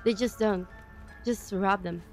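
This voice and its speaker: A woman streaming a game live, reacting excitedly, swearing, and thanking viewers in casual chat. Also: mid-range voice, measured pace, faint music behind. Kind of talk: live gameplay commentary.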